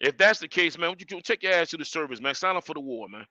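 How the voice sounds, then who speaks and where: A man's voice: on the high side, fast talker, dry recording, dull audio. A man hosting a live stream, ranting emphatically and repeating his points. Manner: animated, emphatic, repeats himself. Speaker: livestream host.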